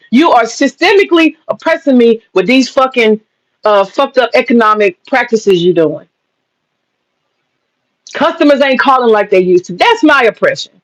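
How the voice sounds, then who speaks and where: A woman with a fairly high voice hosts a livestream, reading comments and chatting casually and sarcastically, full of slang, profanity and frequent laughter, with drawn-out mock pleading. She's a livestream host and businesswoman, and the audio quality is poor.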